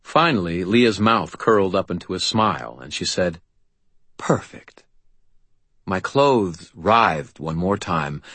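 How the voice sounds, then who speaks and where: Deep husky man narrating an audiobook. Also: fairly bright tone, no room sound. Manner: dry, wry storytelling. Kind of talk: first-person audiobook narration.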